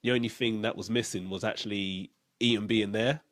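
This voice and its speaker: Soft-spoken man, low voice. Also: steady tone, moderate pace, no room sound, studio quality. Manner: hesitant, many fillers and restarts, soft-spoken. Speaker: podcast host. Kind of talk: casual reminiscing chat.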